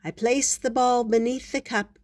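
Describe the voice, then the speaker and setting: Grandma doing a polite, eager young bear. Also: female voice, a little high, steady tone, normal speed, darkish tone, voice pushed up, close to an everyday voice. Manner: earnest and very polite.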